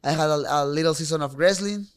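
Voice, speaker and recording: A young man from Mexico whose first language is Spanish, speaking English with a Mexican accent. His voice sits a little high and sounds smooth and resonant. He talks in stops and starts, circling back over his words. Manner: halting, many restarts and fillers. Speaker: guest fighter. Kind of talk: casual interview talk.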